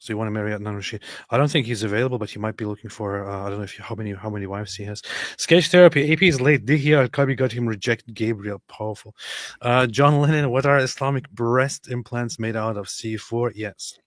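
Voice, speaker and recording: A man hosting a casual livestream, chatting loosely and reading viewer comments aloud in a relaxed, joking way. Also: medium pitch, quick pace, dry recording, studio quality. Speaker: host.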